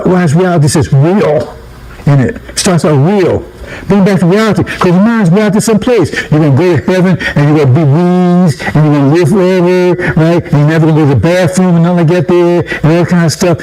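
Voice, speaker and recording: A man's voice: high-pitched, brisk, dark tone, poor audio. A man giving a casual street-style sermon, talking conversationally, repeating himself, chuckling and checking in with listeners with "right?". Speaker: preacher.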